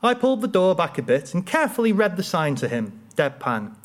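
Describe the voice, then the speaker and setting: A man telling a funny personal story with dry, deadpan wit. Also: high-pitched, brisk.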